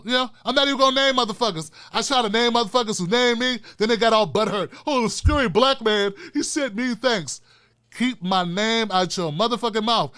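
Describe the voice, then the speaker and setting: A man's voice: high-pitched, sharp tone. An older man hosting a profane, fiery political rant with a preacher-like cadence. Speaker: political commentator host. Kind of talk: ranting political commentary.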